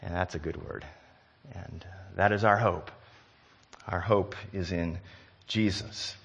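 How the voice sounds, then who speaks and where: Middle-aged male preacher, bright forceful tone, shifts between hushed and booming delivery. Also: fairly even intonation, takes it slowly, creaky, pauses often, husky. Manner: swings from quiet reflection to loud emphatic preaching. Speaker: pastor. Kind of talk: sermon.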